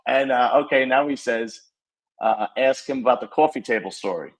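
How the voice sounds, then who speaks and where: Stammering male podcast host. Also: mid-range voice. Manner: stammering, halting restarts. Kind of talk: casual chat.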